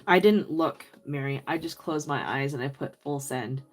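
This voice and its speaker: A woman's voice: low-pitched, normal speed. A woman hosting a crafting livestream, chatting and laughing as she works and answers viewers by name. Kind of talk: casual crafting livestream chat.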